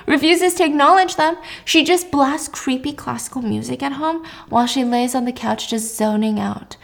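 A woman hosting a casual chat, retelling a drama with animated, playful storytelling. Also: high-pitched. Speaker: host.

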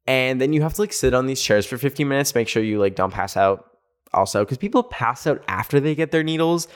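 A man's voice: medium pitch, brisk. Sassy, chatty man telling a story. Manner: animated storytelling, sassy asides, acts out quotes. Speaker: podcast host. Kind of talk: casual chat.

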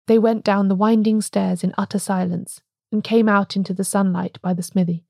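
A woman podcast host reading a story in measured, scripted narration. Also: medium pitch, little pitch movement, creaky, warm tone, no echo, clean studio sound.

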